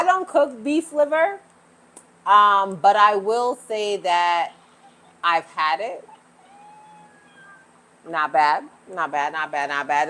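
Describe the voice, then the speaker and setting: Woman hosting a home livestream: bright, lively delivery, chatty and quick to laugh. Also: medium pitch. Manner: laughs often, talks straight to viewers. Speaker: livestream host. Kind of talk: casual livestream chat.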